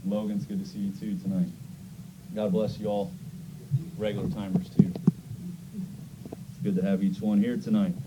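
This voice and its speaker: A man's voice: on the low side, very noisy. A man pastoring a church service, talking in a folksy, conversational way and praying with rising fervor, while his voice is going. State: losing his voice. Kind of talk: church service, singing, prayer and announcements.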